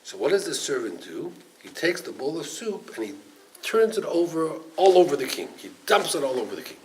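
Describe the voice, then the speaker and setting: An older man teaches a Torah lesson as a rabbi, and his voice sits fairly high for a man. He tells stories with lively swings in pitch and acts out the people in them. A faint hiss runs under the recording. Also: fairly quick, rough recording. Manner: animated storytelling, acts out quoted voices; sprinkles Hebrew and Yiddish terms. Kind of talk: Torah class.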